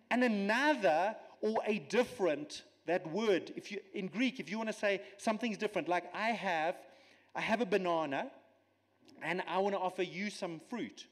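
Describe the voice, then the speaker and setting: High-voiced man preaching in a reverberant hall. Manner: animated, teaching with props and asides. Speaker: guest preacher. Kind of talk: sermon. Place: church.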